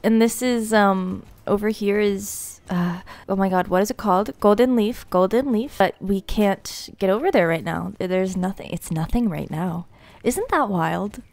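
Excitable woman rambling through gameplay. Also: mid-range voice, unhurried, creaky, no room sound. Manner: excitable, rambling, gushing with gasps. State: tired from filming late at night. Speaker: gaming YouTuber. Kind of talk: casual gameplay commentary.

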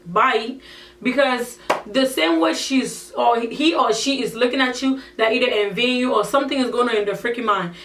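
A woman's voice: on the high side, fairly bright tone. A woman vlogger talking casually to camera in an emphatic rant, peppering her talk with "like". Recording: echoey room, mic at a distance.

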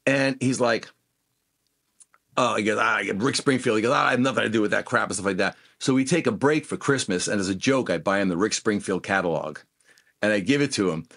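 A middle-aged man with a fairly low voice tells stories in a relaxed interview. He jumps into the voices of the people in his anecdotes and keeps the talk casual and animated. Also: a little fast. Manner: animated anecdotes, acts out quoted dialogue. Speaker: guest musician.

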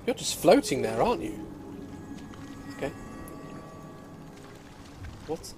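A man hosting a let's-play, loud and excitable, swearing and taunting enemies as he plays. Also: a little high, takes it slowly, pauses often, noisy background. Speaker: gaming video host.

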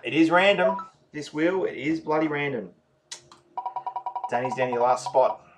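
A man's voice: fairly high pitch, normal speed. A man hosting a live raffle draw, chatty and laid-back, reading out names and often apologising to players. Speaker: raffle host. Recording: noisy home recording.

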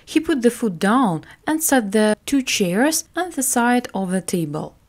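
A woman teacher narrating a classic story in a slow, clear, careful way for English learners. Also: on the high side, very animated.

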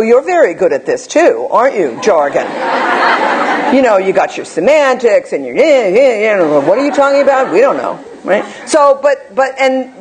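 A woman's voice: a little high, darkish tone. A woman presenting as a behavior analyst, explaining concepts in a conversational academic talk with wry asides and frequent tag questions.

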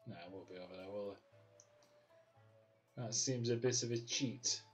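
Sweary, laughing Yorkshire streamer. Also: male voice, on the low side, moderate pace, faint music behind. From Yorkshire, England. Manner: sweary, laughs often, talks to chat. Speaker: livestreamer. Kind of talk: casual gaming livestream commentary.

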